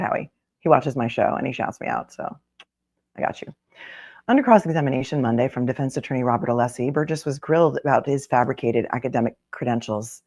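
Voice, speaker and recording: A woman's voice: rumbling low, a little mellow. A middle-aged woman attorney hosting a live-stream, reading a newspaper column aloud and breaking off for wry, chatty asides. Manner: wry, with chatty asides between read passages.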